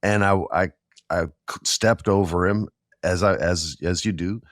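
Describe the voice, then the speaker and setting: A man with a fairly low voice hosts a casual podcast, spinning stories and jumping into the voices of the people in them. The sound is dry and close to the mic. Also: unhurried, dry recording. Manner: animated storyteller, acts out quoted voices. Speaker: podcast host. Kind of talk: casual storytelling chat.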